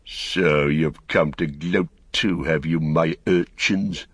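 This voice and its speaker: A man voicing a bitter, fallen old wizard who talks slowly and mockingly, in an audiobook reading. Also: rumbling low, steady tone, slightly rough, no room sound, clean studio sound, heavily acted. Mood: scornful. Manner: slow, sneering, mocking.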